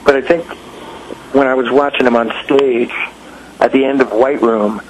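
A middle-aged man telling stories in casual chat, animated, acting out quotes in raised voices. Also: mid-range voice, moderate pace, slight background noise, poor audio. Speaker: guest musician.

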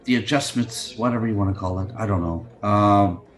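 A man's voice: fairly low pitch, fairly quick. A middle-aged man hosting a podcast, rambling in a crude, joking, scatterbrained way over a video call. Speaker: podcast host. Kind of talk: casual rambling monologue.

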